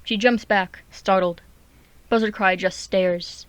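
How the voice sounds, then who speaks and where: A woman reading her own story aloud as a steady, clear narrator. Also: mid-range voice, moderate pace, no echo.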